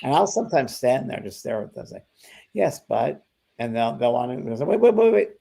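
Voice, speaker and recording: Older man, gravelly, mid-pitched, animated casual chat, acts out little dialogues. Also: normal speed. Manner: animated, acts out quoted exchanges in lively voices. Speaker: spiritual medium and co-host.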